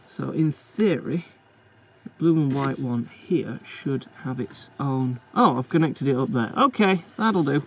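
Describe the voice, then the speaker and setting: A man's voice: on the high side, slight background noise. A man restoring a car, chatting and muttering to himself as he works, self-deprecating and casual. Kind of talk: casual narration while working on a car.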